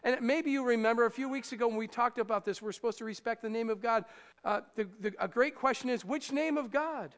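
Male pastor, high voice, conversational sermon delivery, long church reverb. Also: brisk, a bit bright, smooth. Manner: conversational, asks the congregation questions.

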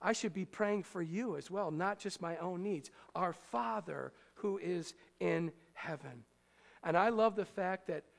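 A male pastor delivers a sermon in a conversational style, posing questions to the congregation. His voice is high and creaky, trailed by a long reverb.

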